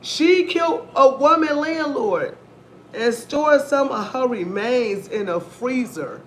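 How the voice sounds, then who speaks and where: A woman hosting a casual commentary stream, telling stories in a rambling, profane, animated way. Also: high-pitched, takes it slowly. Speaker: host of a news-and-commentary stream. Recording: echoey room, faint background noise.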